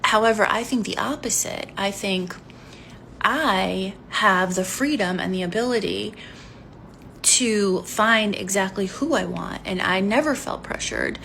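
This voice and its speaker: A woman's voice: medium pitch, unhurried, vocal fry, fairly bright tone, a little hiss or hum. A woman in her forties speaking frankly in a candid vlog monologue, telling a personal story in a blunt, unfiltered way. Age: 40s.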